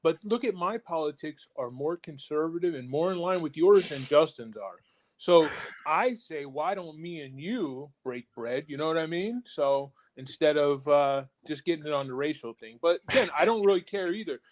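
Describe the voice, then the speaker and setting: Casting: American man, slightly high voice, blunt and rambling podcast guest. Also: lively intonation, moderate pace, a little hiss or hum. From United States. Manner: blunt, rambling, laughs often. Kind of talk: casual political chat.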